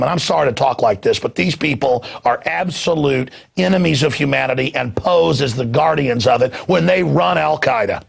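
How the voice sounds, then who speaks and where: A male talk show host delivering an angry, rapid, mocking rant with shouted bursts. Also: medium pitch, gravelly, husky. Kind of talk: ranting commentary.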